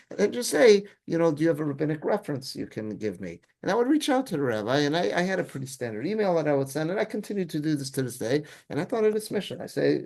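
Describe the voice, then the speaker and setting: A man's voice: on the high side, creaky, darkish tone. A middle-aged man, a rabbi, teaching a Torah class from a source sheet, translating phrase by phrase with casual asides.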